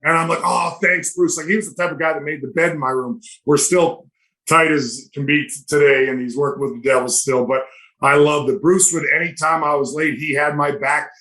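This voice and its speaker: A man's voice: on the high side, poor audio. A man in his fifties, a podcast guest telling long anecdotes in casual chat and acting out what people said. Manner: animated anecdotes, acts out quoted voices. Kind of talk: casual storytelling.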